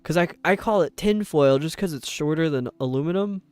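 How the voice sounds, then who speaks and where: A man's voice: on the high side, fairly quick, darkish tone, clear, resonant tone, no echo. Chatty New York streamer guy. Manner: rambling and chatty, with frequent fillers. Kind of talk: casual chat while gaming.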